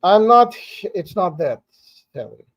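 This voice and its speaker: A man playing a tabletop role-play character, talking in a halting, hesitant way and often searching for words. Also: high voice, big pitch swings, rough recording.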